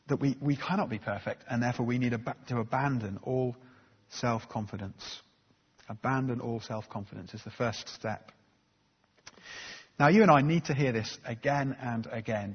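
A man delivers a sermon in a chatty, self-deprecating manner, full of little fillers. His voice is very husky and breathy. The sound is dull, with a long reverb trailing through the church. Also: mid-range voice. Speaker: preacher.

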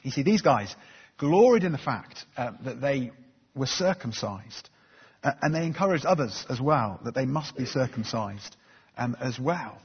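Male preacher, husky mid-pitched voice, earnest conversational sermon, dull recording in a reverberant hall. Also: animated, moderate pace. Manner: earnest, conversational, frequent ums and uhs.

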